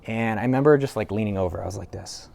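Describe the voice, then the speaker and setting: A man's voice: fairly low pitch, fast talker, vocal fry, a little mellow. A man hosting his own channel, telling a personal story to camera in a loose, conversational way with filler words and casual swearing. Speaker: entrepreneur video host.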